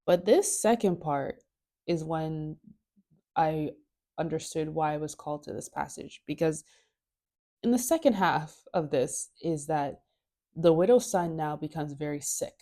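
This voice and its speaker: A woman's voice: low-pitched, a little slow, warm tone. A woman hosting a casual Bible study, chatty and playful, laughing often and swearing now and then, and sick at the moment. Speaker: host of a Bible study show. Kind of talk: casual Bible reading and chat.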